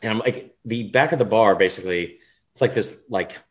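A man's voice: on the low side, a little fast. Man, podcast co-host, rambling casual storytelling, swears a lot. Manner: rambling storyteller, swears freely, acts out quotes. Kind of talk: casual chat.

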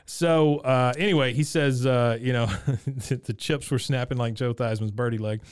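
A man co-hosting a podcast, recapping an episode in casual chat and acting out lines in a higher voice. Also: fairly even intonation, normal speed, smooth, no room sound, studio quality. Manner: retells scenes, jumping up in pitch to voice characters. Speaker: podcast co-host. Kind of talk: casual episode recap, reading quotes aloud.

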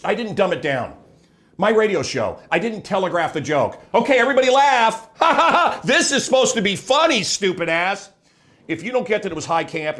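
An older man talks to camera in a loose, sarcastic vlog monologue. His voice sits a little high for a man, and the talk is brash and rambling. He keeps cutting into his own sentences and mocking other people's voices. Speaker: vlog host, former radio host.

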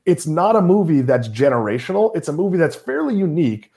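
A man's voice: a little high, very animated, brisk, a little mellow. A middle-aged man from Massachusetts hosting a casual chat, joking and opinionated. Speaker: podcast host.

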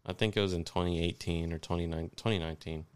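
A man's voice: sits low, steady tone, fast talker, clean tone. A young man in casual podcast chat, laid back and profane, telling stories.

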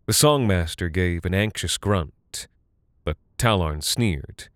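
A man narrating a fantasy audiobook in a measured, deliberate way. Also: low voice, expressive, fairly bright tone, no room sound, clean studio sound.

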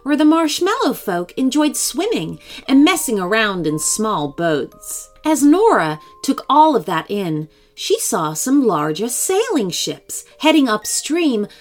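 Slow, expressive woman storyteller for a children's read-aloud. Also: on the high side.

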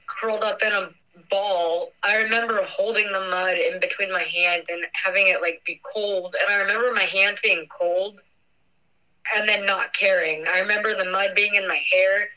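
A young woman telling a painful family memory in an earnest, halting way, with frequent fillers. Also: mid-range voice, steady tone, bright, forceful tone, poor audio. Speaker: interviewee. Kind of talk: personal recollection.

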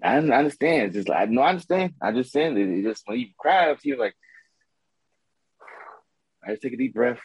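A man co-hosting a casual sports chat over a remote call, animated and full of stammering restarts. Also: mid-range voice, normal speed, long pauses, slightly rough, no echo, poor audio. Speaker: sports podcast co-host.

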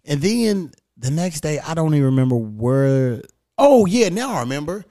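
A man hosting a podcast, telling stories in a profane, animated way with quoted back-and-forth. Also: a little high, normal speed, no echo, clean studio sound. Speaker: podcast host. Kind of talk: casual chat, storytelling.

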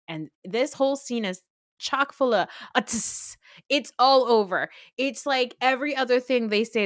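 A young woman hosts a casual TV recap podcast, sarcastic and profane, breaking into laughing asides. Her pitch leaps around with animated energy. The recording is dry and close, with no room sound. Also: dry recording. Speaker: podcast host.

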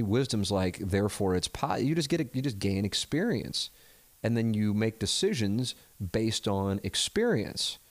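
A man's voice: on the low side, no room sound. A man in his forties hosting a podcast, talking candidly and self-deprecatingly, hesitant and rambling, swearing freely. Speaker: podcast host. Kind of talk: candid reflective chat.

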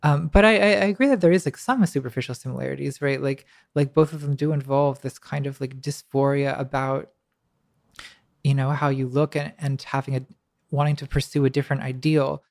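A woman's voice: rumbling low, fairly even intonation, a little fast, gravelly, a little mellow, no echo. Thoughtful woman guest, dry close sound. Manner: thoughtful, hesitant, many restarts and fillers; wry, laughs lightly at herself. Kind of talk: reflective conversation.

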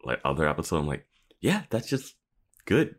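A man's voice: very deep voice, wildly swooping pitch, moderate pace. A man co-hosting a casual podcast, chatting about a TV episode in a laid-back, agreeable way. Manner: laid-back, agreeable, lots of 'like' and 'yeah'. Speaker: podcast co-host.

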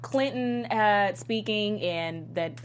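A woman from the American South, co-hosting a casual chat and reacting in a chatty, animated way. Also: medium pitch, slow, slight background noise.

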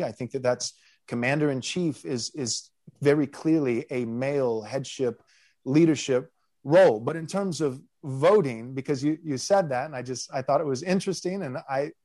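A man's voice: fairly high pitch, mellow. A man who hosts a podcast as a pastor, thinking aloud earnestly in a casual theological discussion.

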